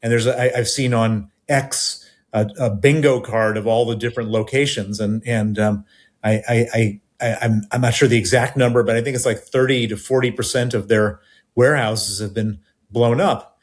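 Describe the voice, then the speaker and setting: A man giving a radio interview as a guest who talks in halting bursts with many restarts and repeated words. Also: medium pitch, fairly even intonation.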